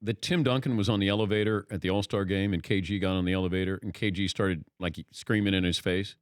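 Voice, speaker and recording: A man's voice: low-pitched, steady tone, quick pace. A man hosting a sports talk show, asking curious questions and laughing easily. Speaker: radio talk show host. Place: studio.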